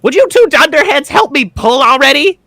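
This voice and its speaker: A man's voice: very high voice, very animated, fairly quick, bright, forceful tone, pitched above the performer's own voice, exaggerated voice. A man voicing a small, brusque male gnome jailer who bosses people about impatiently in a tabletop game. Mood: exasperated. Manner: fussy, impatient bossing about. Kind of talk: tabletop role-play voice.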